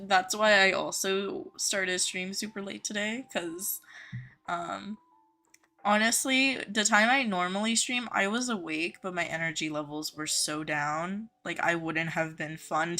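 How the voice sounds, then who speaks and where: A woman's voice: mid-range voice, pushed and bright. A young woman live-streaming a game from her home office, reading viewer comments aloud and greeting chatters by name in a friendly, chatty way.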